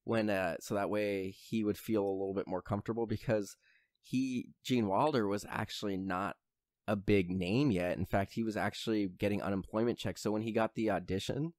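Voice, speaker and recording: Low-voiced man chatting about a film. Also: steady tone, normal speed, darkish tone, dry recording, studio quality. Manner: rambling, filler-heavy, retelling scenes. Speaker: podcast co-host. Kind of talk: casual film review chat.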